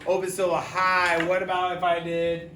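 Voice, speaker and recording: A man's voice: high voice, completely flat delivery, moderate pace, pushed and bright. A man teaching a phonics lesson, patiently sounding out letters for children. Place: classroom. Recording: echoey room, mic far off, background noise.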